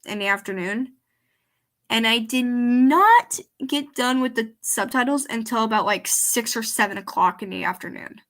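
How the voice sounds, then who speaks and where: A woman's voice: a little high, lively intonation, normal speed, a bit bright. A woman with a Southern country accent, chatting casually as she reacts to her old videos and explains things as she goes. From American South, countryside.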